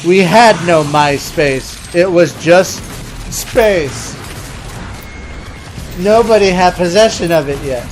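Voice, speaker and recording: A man's voice: high voice, slow pace, long pauses, soft background music. A man in his thirties telling a sarcastic, profane comedic rant over gameplay. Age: 30s. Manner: sarcastic, profane, animated storytelling. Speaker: comedic commentator.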